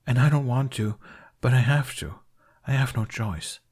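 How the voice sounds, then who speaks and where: A man reading the lines of a guarded, troubled young man, speaking quietly, close to a whisper. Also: mid-range voice, normal speed, breathy edge, voice pushed up. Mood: somber. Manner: hushed, near whisper.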